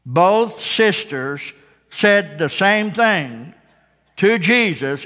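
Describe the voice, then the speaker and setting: A man's voice: high voice, lively intonation, very slow, fairly bright tone. A man preaching a sermon, retelling a story dramatically and firing rhetorical questions at the congregation. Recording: long hall reverb.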